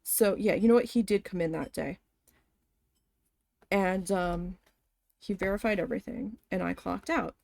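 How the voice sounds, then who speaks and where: A woman's voice: mid-range voice, a little slow, gravelly, long pauses, no echo. A woman telling a story casually as she vents about an old job, swearing and acting out what people said. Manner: venting, animated, swears, acts out quoted voices. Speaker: vlogger. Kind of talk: casual storytime while embroidering.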